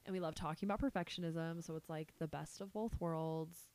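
A woman's voice: low-pitched, fairly even intonation, brisk, a little mellow, no echo. Upbeat woman podcast cohost, casual chat, keeps agreeing, dry close mic. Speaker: podcast co-host.

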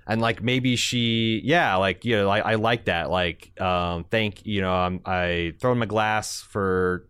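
A man co-hosting a podcast in casual chat, rambling with halting restarts. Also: lowish voice, steady tone, fairly bright tone, smooth, no room sound, studio quality. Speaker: podcast co-host.

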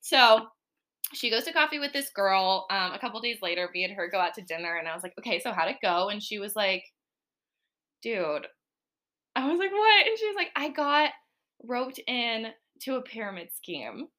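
A woman's voice: medium pitch, moderate pace. A young woman co-hosting a casual podcast, telling a story with lots of acted-out quotes and frequent laughter. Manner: animated storyteller, acts out quotes, laughs often. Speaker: podcast co-host. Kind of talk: casual chat.

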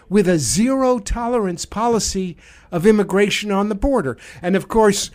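A man's voice: high-pitched, animated, moderate pace. A man hosting a talk radio show, telling stories in a casual, sarcastic, joking way. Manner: sarcastic, jokey storytelling.

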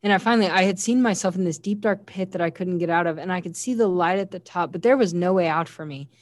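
A woman's voice: on the low side, fast talker, no room sound, studio quality. A woman giving an earnest, heartfelt faith testimony as an interview guest, often quoting scripture. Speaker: guest sharing a personal testimony.

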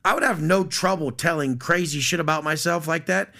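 Blunt, profane man with a gravelly voice. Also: fairly high pitch, a little fast, bright, forceful tone. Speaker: podcast guest. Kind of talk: casual podcast conversation.

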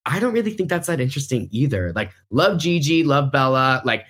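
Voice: mid-range voice, big pitch swings, a little fast, fairly bright tone, breathy edge. A podcast host in casual pop-culture chat, talking in a chatty way, filling the talk with "like" and laughing often.

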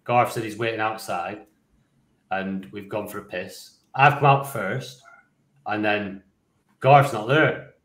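A man's voice: fairly low pitch, slow pace, echoey room. Man telling a rambling story. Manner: lively rambling storyteller, swears freely, laughs along. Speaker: podcast co-host. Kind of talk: casual anecdote telling.

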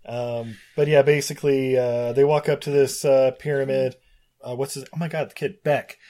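A man's voice: medium pitch, fairly even intonation, normal speed, warm tone. Rambling, profane man recapping a film. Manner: rambling, profane, laughs often. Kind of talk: casual film recap chat.

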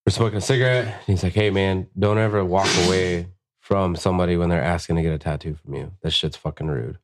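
30s tattoo guy, deep-ish voice, cussing a lot, does funny high voices for quotes. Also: fast. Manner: profane, animated, acts out quotes in higher voices. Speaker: tattoo artist, podcast guest. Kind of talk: casual storytelling chat.

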